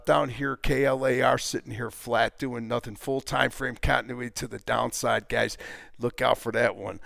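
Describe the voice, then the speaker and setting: Gravelly man rambling through stock charts. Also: medium pitch, fairly bright tone, no room sound, clean studio sound. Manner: rambling, repeats himself, jokey asides. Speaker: trading teacher. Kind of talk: casual stock chart recap.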